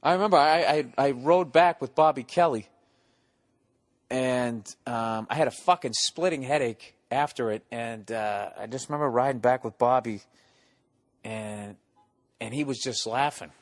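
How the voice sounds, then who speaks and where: Man, podcast host, profane animated storyteller, mid-pitched voice, dry close sound. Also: normal speed, dry recording. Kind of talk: casual chat, storytelling.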